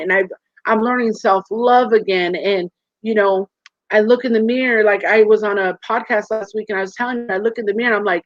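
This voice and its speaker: A woman in her forties, a guest in a casual interview, telling stories with lively acted-out quotes over a video call. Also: mid-range voice, a little fast, dry recording. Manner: animated storyteller, acts out quoted voices. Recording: muffled dry call audio.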